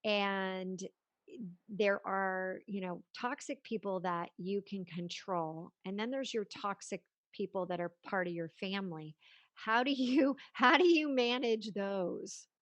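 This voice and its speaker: A woman's voice: medium pitch, unhurried, fairly bright tone, dry recording, dull audio. A woman hosting a podcast interview, chatting casually and asking questions. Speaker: podcast host.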